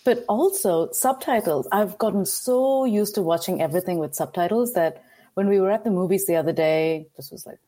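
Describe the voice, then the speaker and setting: A woman's voice: mid-range voice, normal speed, warm tone. A woman chatting casually as a podcast guest. She speaks in a plain, matter-of-fact way and pokes fun at herself. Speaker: podcast guest, corporate video narrator. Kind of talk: casual chat.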